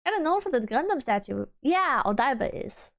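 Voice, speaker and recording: A woman streamer chatting casually on a livestream, gushing and bubbly, piling on fillers and restarts, and swooping up high when excited. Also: normal speed. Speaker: VTuber streamer.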